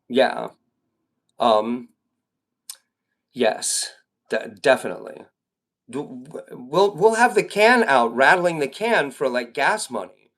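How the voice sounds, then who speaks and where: A man's voice: medium pitch, sing-song, slow pace, long pauses, fairly bright tone. A man live-streaming, telling a long rambling story to his chat, with lots of fillers and swearing. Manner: rambling, profane, with many fillers and restarts.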